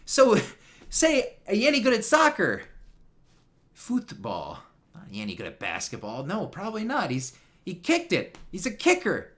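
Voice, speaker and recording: A YouTube commentator with a bright, forceful, medium-pitched voice chats his way through a TV episode. His jokey commentary rambles along with asides and fillers, often trailing off.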